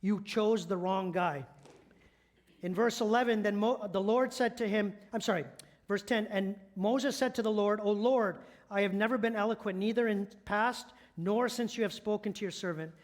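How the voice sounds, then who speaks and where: A middle-aged man preaching in a high, light voice. He tells the story earnestly and often stops to correct himself mid-phrase, as an elder does from the pulpit. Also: fairly even intonation, normal speed. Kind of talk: sermon.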